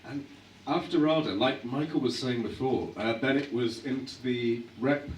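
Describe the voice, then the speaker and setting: A man's voice: mid-range voice, moderate pace. A man interviewing an actor on stage, asking conversational, prompting questions. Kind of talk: on-stage interview before a live audience. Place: hall at a public event. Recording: echoey hall from a distance, audible noise.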